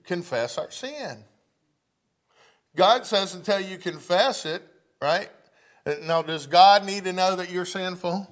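A man's voice: high-pitched, expressive, a little slow. A male pastor, preaching a sermon in church, reading scripture aloud and asking the congregation questions. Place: church sanctuary.

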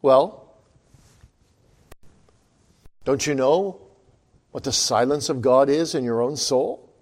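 A man preaching a sermon to children and adults, with a dramatic delivery that swings between loud and hushed. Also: unhurried. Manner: dramatic, wide swings in loudness and pitch.

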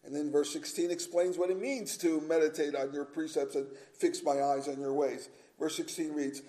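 Earnest preacher, mellow man's voice. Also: on the high side, normal speed, low-quality recording. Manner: earnest, emphatic preaching with repeated phrases. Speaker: pastor. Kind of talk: sermon.

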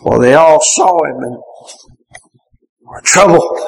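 Man, preacher, impassioned sermon, high voice, slow deliberate delivery. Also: gravelly, low-quality recording. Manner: impassioned, repeatedly rising into shouts. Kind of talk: fervent sermon.

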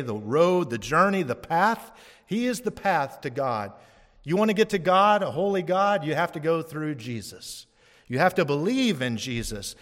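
A man's voice: on the high side, fairly bright tone. A man preaching a sermon as pastor, emphatic and rising on key phrases, asking the congregation for responses. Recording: long hall reverb.

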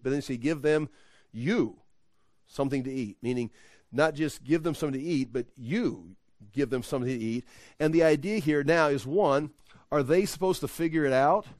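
A man teaching a Bible study in a conversational way, acting out the people in the story with lively voices. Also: medium pitch, no echo. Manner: conversational, acts out quotes with animated voices.

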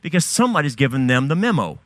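A man's voice: mid-range voice, big pitch swings, rapid-fire, dry recording. A man preaching a sermon, firing off rhetorical questions and swinging his emphasis up and down. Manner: fiery rhetorical questions, rising and dropping emphasis.

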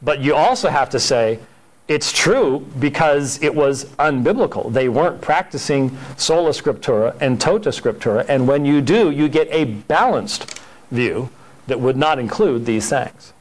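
A man's voice: mid-range voice, animated, unhurried. A man teaching a Sunday school church history class in an emphatic, conversational way, often repeating words.

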